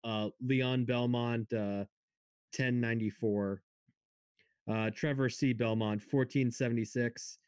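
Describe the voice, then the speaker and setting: A man co-hosting a casual podcast who speaks haltingly, with many pauses and "uh" fillers. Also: mid-range voice, steady tone, a little mellow, smooth, no echo, clean studio sound. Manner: halting, hesitant, lots of "uh". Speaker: podcast co-host. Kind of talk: casual chat.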